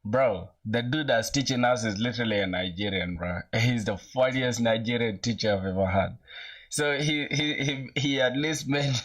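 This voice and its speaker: A young man in his twenties chatting casually with viewers while coding live, using relaxed slang and thinking aloud, with an occasional cough. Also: medium pitch, unhurried. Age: young adult. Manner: laid-back slangy, greets chat, thinks aloud. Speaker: programming streamer.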